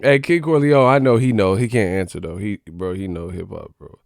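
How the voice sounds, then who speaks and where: Gravelly, slangy livestream host. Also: male voice, on the low side, brisk, no echo, clean studio sound. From California. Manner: slangy, profane, rambling, shouts out viewers. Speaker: boxing channel host. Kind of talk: casual livestream chat.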